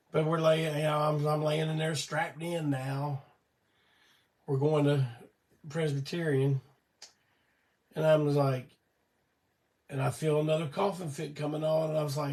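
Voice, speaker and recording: Older man hosting a home livestream, gravelly and worn-out voice, a bit high, folksy rambling, mic set back. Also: fairly even intonation, a little slow, long pauses, darkish tone, far from the mic. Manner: rambling, folksy, swears casually. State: weak voice from illness and cough syrup. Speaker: host of a weekly live show. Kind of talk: casual storytelling on a livestream.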